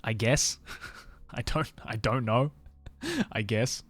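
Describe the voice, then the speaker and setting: A man's voice: mid-range voice, wildly swooping pitch, a bit bright, soft background music. Musing Australian man chatting with viewers. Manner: musing, hesitant, slows to spell out words. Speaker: streamer. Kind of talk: casual chat with viewers.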